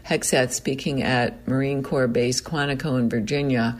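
A man reading a news report aloud in a steady, measured delivery. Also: medium pitch. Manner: steady, measured read with a self-correction. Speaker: news reader.

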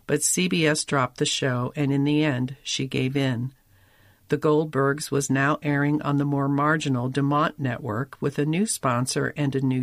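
A narrator reading a scripted documentary in a measured, wry storytelling manner. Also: medium pitch, no room sound, studio quality.

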